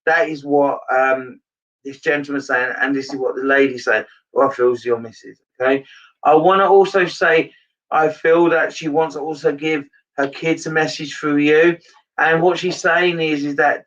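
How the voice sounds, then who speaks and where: A man, a medium, speaks earnestly in a fairly high voice. He rambles and restarts his sentences. The sound is muffled and a bit distant from the mic. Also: fairly even intonation, normal speed, fairly bright tone. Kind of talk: live mediumship reading.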